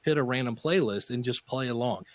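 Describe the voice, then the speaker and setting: A man's voice: medium pitch, a little fast, no echo. Man, 50s, chatty podcast guest who acts out his anecdotes, dry recording. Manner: animated storyteller acting out quoted voices. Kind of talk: casual interview storytelling.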